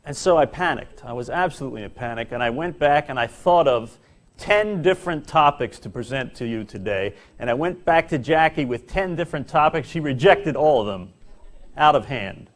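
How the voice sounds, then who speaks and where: Middle-aged man, comic workplace speaker, self-mocking, playful timing. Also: medium pitch. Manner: animated, self-mocking storytelling with dramatic pauses. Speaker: corporate speaker at an employee seminar. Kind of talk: comic speech to a live audience. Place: large hall before an audience.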